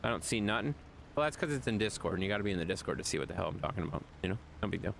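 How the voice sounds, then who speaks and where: A man streaming a game live, chatting casually with his viewers, animated and playful with repeated phrases. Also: on the low side, rapid-fire, creaky, slight background noise.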